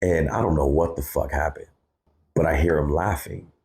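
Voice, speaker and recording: Deep-voiced man telling a raw story. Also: fairly even intonation, normal speed, creaky, a little mellow. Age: 30s. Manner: candid, cursing freely, says "bro" often. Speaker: guest, hip-hop artist. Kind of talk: emotional personal storytelling.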